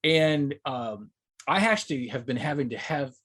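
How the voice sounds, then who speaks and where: A man's voice: medium pitch, animated, moderate pace, a bit bright, slightly rough. A man from the Southeast US, a podcast co-host talking in a playful, wordy casual chat and tripping over his words.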